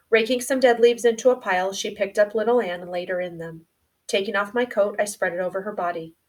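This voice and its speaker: A woman reading a novel aloud in a quiet, subdued storytelling manner. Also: medium pitch, distant mic. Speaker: audiobook reader.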